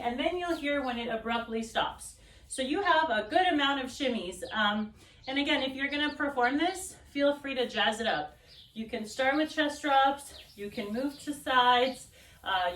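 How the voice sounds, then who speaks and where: A woman's voice: high voice, a bit bright. A woman teaching a dance routine in casual instructional talk, counting beats and singing drum rhythms aloud. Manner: casual, encouraging, checks in with "right?". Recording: echoey room, mic at a distance.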